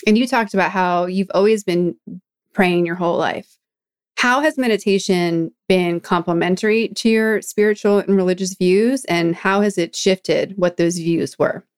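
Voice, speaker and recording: Low-pitched woman interviewer. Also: moderate pace, smooth. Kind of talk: conversational interview.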